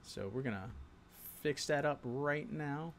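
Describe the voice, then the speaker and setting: A man's voice: a little high, unhurried, over a noisy crowd. A man hosting a casual gaming news stream, rambling, restarting sentences and chuckling at his own asides. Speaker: show host.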